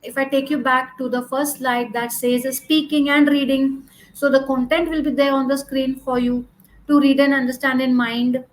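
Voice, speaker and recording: A woman's voice: high voice, level tone, moderate pace, poor audio. A woman exam coach teaching a lesson over slides, speaking in an instructive way, repeating her points and using "you know" as a filler.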